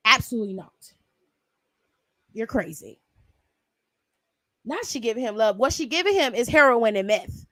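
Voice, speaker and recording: Sassy high-voiced woman. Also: normal speed, pauses often, dry recording. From Cleveland, USA. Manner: sassy, profane, animated storytelling. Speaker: wrestling show recap host. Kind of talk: casual commentary.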